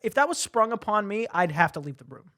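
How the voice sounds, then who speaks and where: High-voiced man teasing and laughing. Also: big pitch swings, sharp tone. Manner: teasing, quick to laugh, pitches outlandish scenarios. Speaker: podcast co-host. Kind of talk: casual comedic chat.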